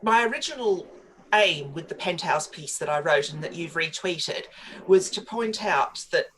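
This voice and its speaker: On talk radio, a woman political commentator with a lowish, animated, slightly bright voice argues her views at length in a studio interview. She speaks at a normal pace, articulate and opinionated, building long flowing arguments. There is slight background noise.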